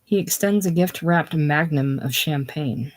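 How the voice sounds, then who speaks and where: A person casually reading a stage play aloud, giving the stage directions in a plain, unhurried way. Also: mid-range voice. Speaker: reader.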